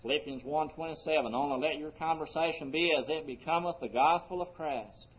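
A man preaching a sermon earnestly, his voice rising for emphasis and then dropping soft. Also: fairly high pitch, brisk. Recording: muffled lo-fi recording.

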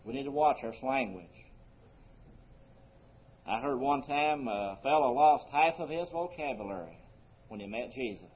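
A man preaching a sermon earnestly, his voice rising for emphasis and then dropping soft. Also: mid-range voice, lively intonation, a little slow, long pauses. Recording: muffled lo-fi recording.

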